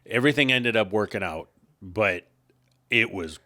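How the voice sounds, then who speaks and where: A man with a fairly low voice co-hosts a casual podcast, spinning a long, rambling story over a studio mic. He keeps drifting into asides and laughs at his own punchlines. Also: moderate pace, sharp tone, no room sound. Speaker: podcast co-host.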